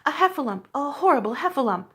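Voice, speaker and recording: A tiny, fearful male piglet squeaks high above the storyteller's own voice, as a woman puts him on. He stammers and gasps his words in a frantic rush, loud with alarm. It is a storybook reading. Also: lively intonation, takes it slowly, exaggerated voice. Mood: panicked. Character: small timid piglet, male, easily frightened.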